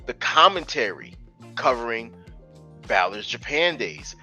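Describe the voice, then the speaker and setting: A man co-hosting a casual wrestling podcast, talking in loose, profane banter and jumping into high-pitched outbursts. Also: big pitch swings, a little slow, bright, forceful tone, soft background music. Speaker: podcast co-host.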